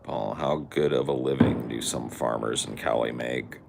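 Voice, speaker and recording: A man's voice: very deep voice, fairly even intonation, moderate pace, vocal fry, a little mellow, slight background noise. A man co-hosting a podcast in casual chat, crude and joking with frequent swearing. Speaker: podcast co-host.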